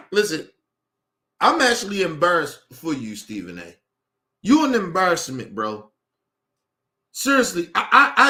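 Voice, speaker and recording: A man's voice: high voice, sharp tone. A man streaming his reaction to a clip, ranting in incredulous, profane commentary.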